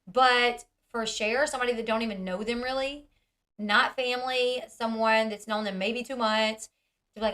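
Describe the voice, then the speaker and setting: A woman hosting a commentary vlog in a bright, forceful voice, pitched a little high. She is blunt and opinionated, with a sarcastic edge. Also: steady tone, normal speed. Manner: blunt, sarcastic, mimics others mockingly. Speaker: commentary channel host.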